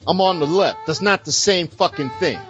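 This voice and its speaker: A man's voice: high-pitched, moderate pace, fairly bright tone, lo-fi sound, soft background music. A man ranting passionately about politics, swearing constantly and raising his voice as he argues. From United States. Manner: profane, impassioned, ranting. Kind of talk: heated political rant.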